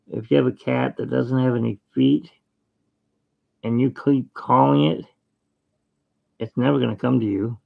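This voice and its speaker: Brief: man, very gravelly voice, slow rambling jokey chat, muffled lo-fi sound. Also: medium pitch. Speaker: artist and channel host. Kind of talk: casual chat while drawing.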